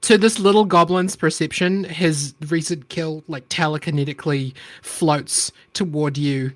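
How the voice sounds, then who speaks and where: A game master narrating a tabletop game at a medium pitch. The delivery is easygoing and descriptive, with loose restarts. The sound is close and dry, with no room echo. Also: fairly even intonation, measured pace.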